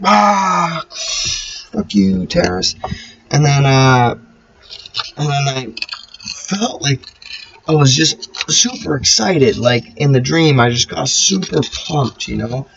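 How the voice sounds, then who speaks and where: A young man vlogging in a casual, rambling way, swearing freely and getting animated as he relives a dream. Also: medium pitch. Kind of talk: casual storytelling monologue. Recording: slightly dull, faint background hiss.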